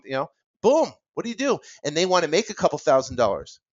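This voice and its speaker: A man teaching real estate investing in an energetic, worked-up way, acting out talks with sellers and tossing in "right?" asides. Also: on the high side, dull audio. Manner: fast, animated, acts out seller dialogue, many "right?" asides.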